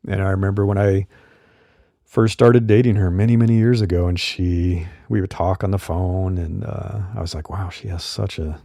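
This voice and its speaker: A middle-aged man hosting a podcast, talking casually and relaxed, with fillers, on a studio condenser mic. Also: low-pitched, moderate pace, vocal fry, dry recording. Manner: relaxed, chatty, with fillers and laughs. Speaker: podcast host. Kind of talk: casual solo podcast talk.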